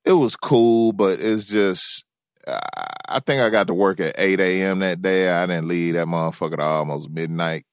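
A man's voice: low-pitched, moderate pace, no echo, studio quality. A man co-hosting a casual radio show, telling stories in a laid-back way with lots of swearing and hesitant fillers. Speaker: radio co-host.

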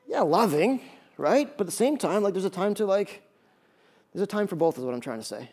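A male pastor preaching in an easygoing, conversational way, with quick jokes and asides. His voice sits high for a man and swings between loud emphasis and quiet, soft passages. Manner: conversational and animated, jokey asides. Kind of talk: sermon.

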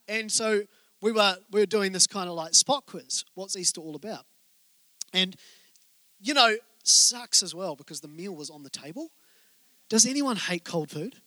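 A male pastor giving a sermon, telling stories in a joking, conversational way and speaking straight to the congregation with quick asides. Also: high-pitched, lively intonation, pushed and bright, no echo. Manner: joking, conversational storytelling from the pulpit.

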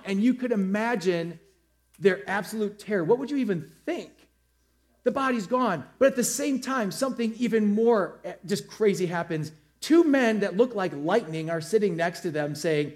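Man, pastor, high-pitched voice, animated sermon, acts out characters. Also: normal speed. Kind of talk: lively church sermon. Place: church auditorium with a screen.

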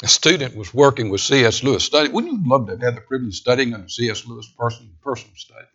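A man preaching a sermon with emphatic delivery, rising to raised declamation and dropping to a hushed near-whisper. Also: medium pitch, expressive, very fast, husky, dull audio.

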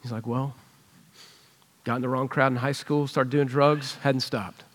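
Earnest pastor telling a story. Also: male voice, medium pitch, measured pace. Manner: conversational, earnest, animated retelling. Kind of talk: sermon with storytelling. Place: church sanctuary.

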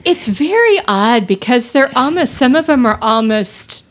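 A woman's voice: on the high side, very animated, a little slow. A woman co-hosting a podcast, chatting casually and drifting off on tangents. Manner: chatty, digressive. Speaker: podcast co-host. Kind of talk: casual chat about audiobooks.

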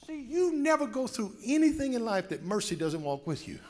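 A man pastor preaching a sermon with call-and-response, dropping soft then rising to shouts. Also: very high voice, big pitch swings, brisk. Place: church sanctuary.

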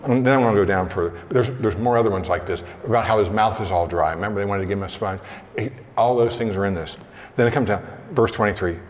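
A man preaching a sermon in a relaxed, conversational way, reading scripture slowly and with weight. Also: lowish voice. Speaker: pastor. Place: church hall. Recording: long hall reverb.

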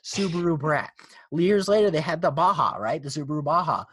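Fairly quick and husky, this man's voice sits on the high side, recorded without room sound. He hosts a laid-back car podcast, ranting animatedly with plenty of swearing and laughter.

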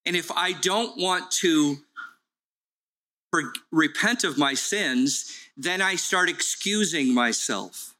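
A man's voice: fairly high pitch, expressive, slow, sharp tone, rough recording. A man preaching a sermon as pastor, in an earnest storytelling way.

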